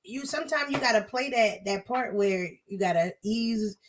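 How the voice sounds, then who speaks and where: A woman's voice: on the high side, moderate pace. A woman hosting a podcast in casual chat, blunt and profane, laughing often. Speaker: podcast host.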